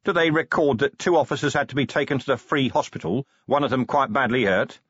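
A man voicing a gruff, weary middle-aged police commander who talks bluntly and grumpily in an audiobook. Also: mid-range voice, a little fast, fairly bright tone, no echo, highs cut off, voice pushed up. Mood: grumpy.

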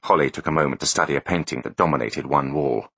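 A man narrating an audiobook with expressive storytelling delivery. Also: a bass voice, fast, gravelly, husky, dry recording. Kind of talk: scripted narration.

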